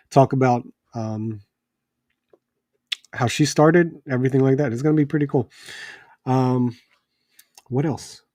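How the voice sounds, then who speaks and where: A man's voice: mid-range voice, warm tone, no room sound, studio quality. A man, a homeowner in his thirties hosting a toy live stream, ranting in a rambling, exasperated way, with restarts and fillers. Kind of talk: casual live stream rant. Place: home.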